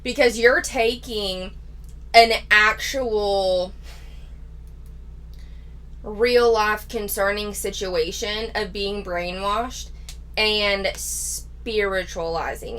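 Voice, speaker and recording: A woman's voice: medium pitch, fairly even intonation, extremely slow, a bit bright. A woman hosting a reaction commentary, talking in a candid, critical and sarcastic way. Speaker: commentary channel host.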